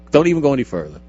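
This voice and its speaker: A man's voice: medium pitch, a little mellow, highs cut off. A young man co-hosting a casual radio show, joking and teasing with many stammered restarts, talking into a studio mic with headphones. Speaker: radio co-host. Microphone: studio microphone with headphones.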